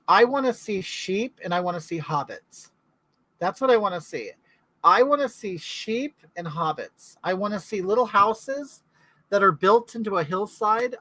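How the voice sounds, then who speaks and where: Middle-aged woman hosting a live chat, rambling and chatty, crisp bright tone, dry close sound. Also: mid-range voice, dry recording, low-quality recording. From California. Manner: rambling, reads out viewer comments and answers them. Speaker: livestream host.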